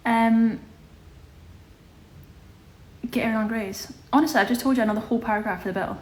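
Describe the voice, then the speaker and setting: A woman's voice: fairly high pitch, fairly even intonation, very fast. A young woman chatting casually on a live stream, reading out viewer questions and answering them. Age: young adult. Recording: echoey room with faint ambience.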